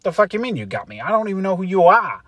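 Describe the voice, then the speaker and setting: A man voicing a furious, foul-mouthed middle-aged man ranting and yelling on the phone in a comedy sketch. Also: high-pitched, big pitch swings, fast talker, pitched above the performer's own voice. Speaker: prank caller character.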